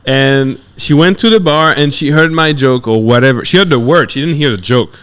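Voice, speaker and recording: A man with a French accent, a guest comedian telling animated stories on a podcast and acting out other people's voices. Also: on the high side, brisk, smooth. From France. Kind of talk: casual podcast storytelling.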